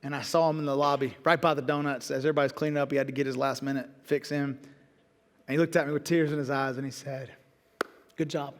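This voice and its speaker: A middle-aged man, a pastor telling stories in a sermon, lively and joking at his own expense. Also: mid-range voice, fast, in a large hall. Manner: lively storytelling with self-deprecating jokes. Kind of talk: sermon storytelling. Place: church auditorium.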